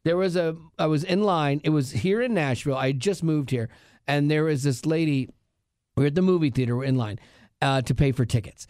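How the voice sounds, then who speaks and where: Male co-host, lively storyteller, slightly high voice, dry studio sound. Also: a little fast, dry recording. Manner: animated storyteller, jumps into high excited voices. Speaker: radio show co-host. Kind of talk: casual chat.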